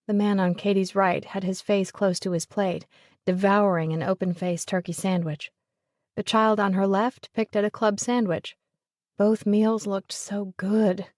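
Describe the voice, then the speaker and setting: A woman narrating a romance audiobook in an even, measured way. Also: mid-range voice, dry recording, studio quality. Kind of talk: scripted narration of a romance novel.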